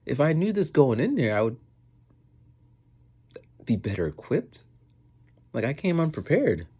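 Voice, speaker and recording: A man's voice: deep voice, breathy edge. A man rambling through casual stories in a vlog, acting out the people he quotes. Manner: rambling, animated, acts out quoted voices. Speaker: vlogger. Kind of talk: casual storytelling monologue.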